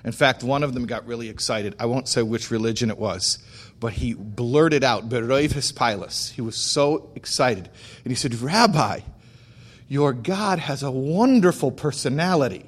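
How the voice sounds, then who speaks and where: A man's voice: medium pitch, moderate pace. Man speaking as a rabbi, emphatic storyteller. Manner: animated storyteller acting out dialogue. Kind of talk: storytelling talk on faith.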